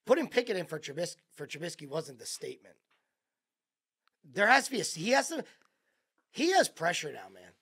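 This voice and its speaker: A man's voice: a little high, big pitch swings, moderate pace, pauses often, sharp tone, husky. A man co-hosting a sports talk show, getting worked up and firing off exclaimed questions. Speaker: co-host.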